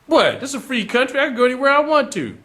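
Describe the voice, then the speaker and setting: A man voicing a brash young man who boasts in a shrill voice and later screams in terror. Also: big pitch swings, fast talker, bright, forceful tone, exaggerated voice. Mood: defiant. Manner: shrill defiant talk, then screaming for help.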